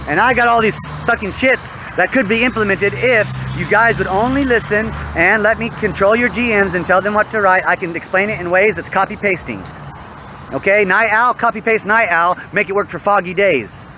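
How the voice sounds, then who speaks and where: A man's voice: sits high, sharp tone, poor audio. A young man in a rambling, preachy, profane monologue, recorded outdoors near traffic. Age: young adult. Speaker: online game player.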